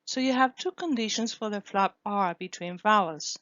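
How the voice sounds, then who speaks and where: A woman's voice: medium pitch, normal speed, fairly bright tone, dry recording, muffled recording. A woman whose first language is Spanish, teaching English phonetics in a careful lesson, repeating each sound to demonstrate it. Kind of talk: scripted lesson.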